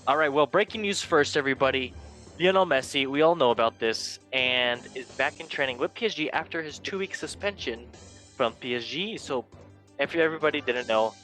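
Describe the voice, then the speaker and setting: A man's voice: medium pitch, fairly quick, sharp tone, soft background music. A man hosting a football news show in a casual, rambling, joking way with self-mocking asides. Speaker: show host.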